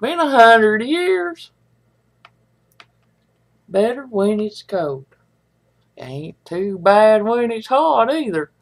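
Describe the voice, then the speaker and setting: A woman's voice: fairly high pitch, very animated, very slow, pauses often. A middle-aged woman, chatting in a folksy, rambling way to viewers of her live stream. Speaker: livestream host. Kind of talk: casual chat with live viewers.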